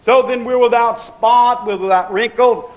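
High-voiced preaching man. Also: fairly even intonation, dull audio. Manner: preaching with slow, drawn-out stresses and shouted peaks; repetitive, rhythmic preaching cadence. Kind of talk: sermon.

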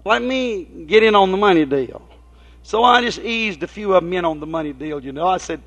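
A man's voice: high voice, expressive, a little fast, a bit bright. A man preaching a folksy sermon, telling homespun stories and asking his listeners rhetorical questions. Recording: dull lo-fi recording.

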